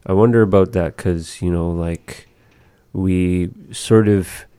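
A man's voice: low-pitched, fairly even intonation, slow pace, mellow, clear, resonant tone, no room sound. A man casually teaching phrases of his language to a partner, patiently repeating each word.

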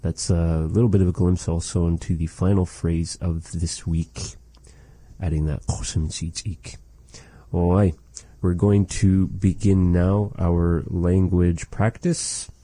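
A man teaching a language lesson, patiently saying phrases slowly and repeating them for practice. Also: low voice, flat delivery, warm tone, no echo.

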